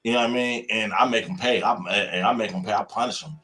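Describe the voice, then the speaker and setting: A man's voice: lowish voice, quick pace, pushed and bright, faint music behind. Blunt, emphatic man. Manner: blunt, emphatic, repeats himself for weight. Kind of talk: casual panel talk.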